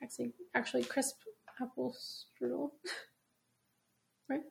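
A young woman co-hosting a casual podcast, reading quiz questions aloud slowly and laughing often. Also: high-pitched, level tone, gravelly, a little hiss or hum. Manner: playful, laughs often, slows down to read questions. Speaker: podcast co-host.

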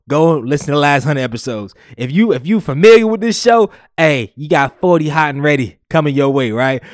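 A man hosting his own podcast, opening the episode with an excited, emphatic monologue full of slang and repeated phrases. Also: a little high, dry recording, studio quality. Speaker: podcast host. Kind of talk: hyped solo podcast intro.

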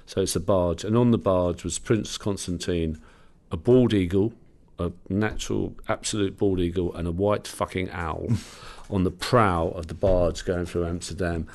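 A man from London, guesting on a podcast, tells anecdotes with animated, irreverent energy. His voice is very deep. He speaks casually, with plenty of swagger in the telling. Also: moderate pace.

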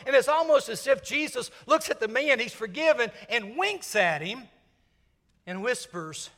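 An older man from Mississippi, preaching a sermon and swinging from loud emphasis to hushed, whispered lines. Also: very high-pitched, lively intonation, normal speed, in a large hall. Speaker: senior minister.

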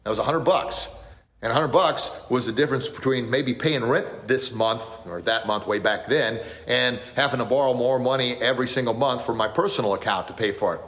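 A man's voice: medium pitch, fairly quick, fairly bright tone. A middle-aged man, a martial arts school owner hosting a podcast, tells a personal story in a rambling, earnest way with many restarts. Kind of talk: casual storytelling.

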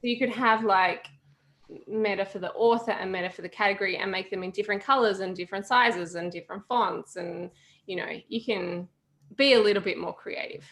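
A woman co-hosting a casual technical chat on a video call, relaxed and agreeable, often chiming in with agreement. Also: medium pitch, a little fast.

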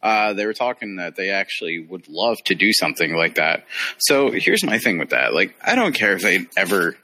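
A man co-hosting a casual pop-culture chat, opinionated and quick to laugh. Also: sits low, sing-song, pushed and bright. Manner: opinionated, laughs often, dismissive asides. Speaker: podcast co-host.

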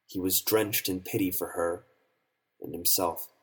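Slow, husky male storyteller. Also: low-pitched, steady tone. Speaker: narrator. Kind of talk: audiobook narration.

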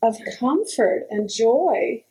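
A woman author leading a Q&A at a book talk, speaking calmly, gently and reflectively. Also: fairly high pitch, takes it slowly, low-quality recording.

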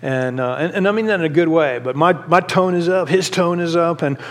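Passionate high-voiced preacher in a reverberant hall. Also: male voice, brisk, a bit bright. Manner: passionate, rising to emphatic exhortation; conversational storytelling with many restarts. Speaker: pastor. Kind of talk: sermon.

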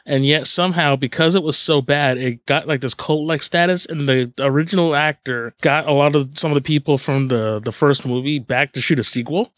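Chatty podcast host, fairly high voice, dry sound. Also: male voice, fairly quick, few pauses, fairly bright tone, no room sound. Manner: chatty, rambling, laughs easily. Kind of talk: casual podcast chat.

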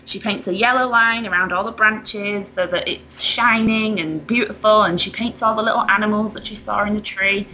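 A woman telling a story in casual chat, animated and laughing often. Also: mid-range voice, moderate pace, hardly any pauses, a little hiss or hum, rough recording.

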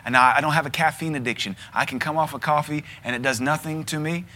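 A man's voice: a little high, fairly even intonation, fast talker, pushed and bright. A middle-aged man with a Southern US accent, preaching a sermon in a blunt, emphatic way with lots of repetition. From American South. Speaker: pastor.

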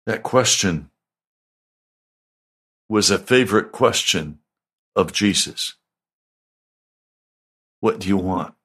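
A male pastor delivering a radio sermon, asking slow, emphatic questions. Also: low-pitched, a bit bright, slightly rough.

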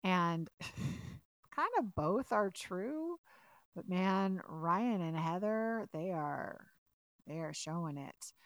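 A woman co-hosting a casual recap podcast, retelling scenes in an animated way and acting out the lines. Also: lowish voice, very slow, no room sound. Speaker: podcast co-host.

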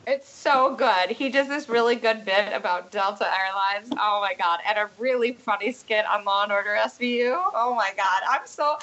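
A woman's voice: medium pitch, normal speed, hardly any pauses, fairly bright tone, lo-fi sound, a little hiss or hum. A woman on a podcast as a guest in casual chat, giggly and gushing, full of likes. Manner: giggly, gushing, says like a lot.

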